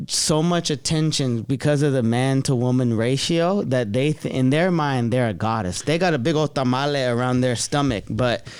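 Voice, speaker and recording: Guest comedian: American guy, smooth and dry studio sound, slangy and animated. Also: medium pitch, moderate pace, hardly any pauses, no echo. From San Jose area, California. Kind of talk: casual podcast chat. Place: podcast studio.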